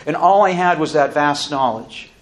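A man giving an earnest, solemn spoken testimony, speaking deliberately with pauses and restarts. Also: a little high.

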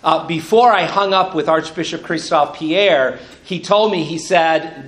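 A man's voice: on the high side, a little slow, hardly any pauses, a bit bright. A bishop in his fifties telling a personal story to an audience, good-humored and chuckling as he goes. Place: room with an audience. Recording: roomy hall echo.

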